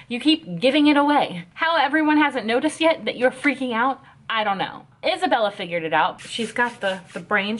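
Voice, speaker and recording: Exasperated woman ranting about an episode. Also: a little high. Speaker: anime reaction vlogger. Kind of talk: casual reaction commentary.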